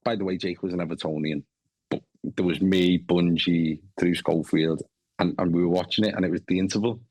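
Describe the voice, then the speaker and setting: A man's voice: low-pitched, steady tone, fairly quick, darkish tone, dry recording. A man in his thirties with a Scouse accent, an actor chatting as a guest, swearing freely and often restarting. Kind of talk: casual chat.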